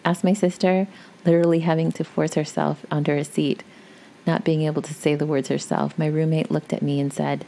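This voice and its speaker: Low, gravelly woman reading a story. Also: little pitch movement, fairly quick, dark tone. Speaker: story reader. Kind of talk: reading a story aloud with casual asides.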